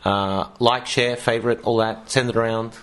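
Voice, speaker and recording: A man co-hosting a casual comedy podcast, riffing loudly on absurd hypotheticals and swearing freely. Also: medium pitch, steady tone, moderate pace. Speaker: co-host.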